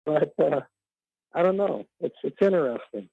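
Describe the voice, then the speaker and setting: A man calling in to a talk radio show, measured and wry, heard over a tinny phone line. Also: a little high, animated, vocal fry. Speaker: caller. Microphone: telephone.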